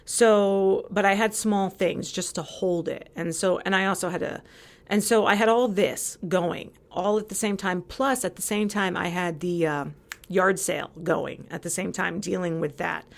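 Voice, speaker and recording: Gravelly woman telling a story animatedly. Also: on the low side, moderate pace. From California. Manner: animated storytelling, acting out quoted exchanges. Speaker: podcast guest. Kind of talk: casual chat.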